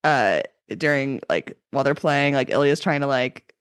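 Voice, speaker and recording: A woman's voice: very deep voice, animated, normal speed, smooth, dry recording, clean studio sound. A woman co-hosting a podcast, casually recapping scenes and often chiming in to agree. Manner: chatty recaps, frequent agreeing "mm-hmm" and "yep". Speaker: podcast co-host. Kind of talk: casual chat.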